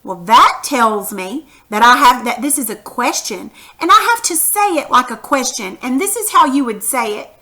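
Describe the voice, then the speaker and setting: A woman with a bright, fairly high voice teaches punctuation to young children. She speaks patiently and encouragingly, asking them to read along and stretching out example sentences to show emphasis. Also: big pitch swings, normal speed, slight background noise.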